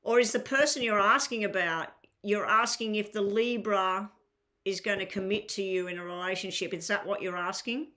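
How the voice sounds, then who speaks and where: During a live-stream tarot reading, a tired woman speaks in a mid-range voice that is steady, pushed, and bright yet crackling, at normal speed. She chats casually with her viewers, uses plenty of fillers, and asks them to clarify their questions.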